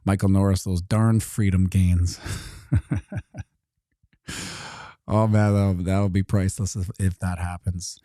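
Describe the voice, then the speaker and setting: A man with a low, mellow voice delivers a sarcastic casual commentary monologue. He slips into quick mock dialogues, jumping up in pitch to play both sides. The sound is dry and close, with little room. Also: level tone, no echo. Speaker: host.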